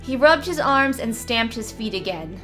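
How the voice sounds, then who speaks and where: A woman reading a fantasy short story aloud in a steady, measured narrating voice. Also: a little high, soft background music. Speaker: story reader.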